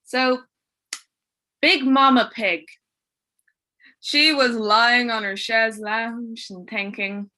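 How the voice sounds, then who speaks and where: A woman telling a twisted fairy tale aloud in a playful, expressive way with dry wit. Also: fairly high pitch, drawn-out words, long pauses. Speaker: storyteller. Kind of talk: oral storytelling.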